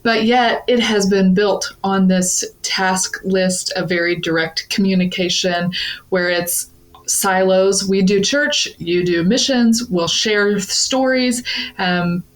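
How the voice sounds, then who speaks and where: A woman's voice: medium pitch, fairly even intonation, low-quality recording. Earnest Southern woman podcast guest. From Southern United States. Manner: earnest and explanatory, with filler pauses. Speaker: guest speaker on church partnerships. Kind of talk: casual conversational interview.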